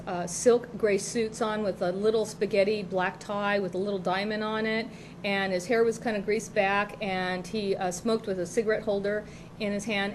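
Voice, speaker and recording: A woman's voice: medium pitch, darkish tone, slight background noise, poor audio. Chatty middle-aged woman telling stories. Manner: rambling, chatty, laughs often while telling stories. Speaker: co-host. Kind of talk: casual chat, personal storytelling. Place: local TV studio.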